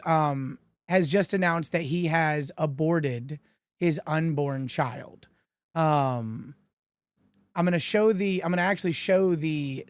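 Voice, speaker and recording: A man's voice: fairly high pitch, dry recording. A man hosting a livestream, introducing the topic in a rambling, hesitant way full of fillers. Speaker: host. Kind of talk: livestream commentary.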